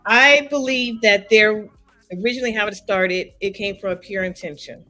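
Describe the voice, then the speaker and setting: A woman's voice: mid-range voice, moderate pace, bright, forceful tone, faint music behind. A woman on a podcast panel, arguing her point insistently and talking over others. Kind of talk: heated debate.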